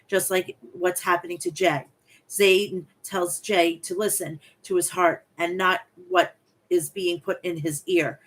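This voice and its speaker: A woman hosting a wrestling recap podcast, recapping matches and breaking into profane, animated rants. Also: fairly low pitch. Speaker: podcast host.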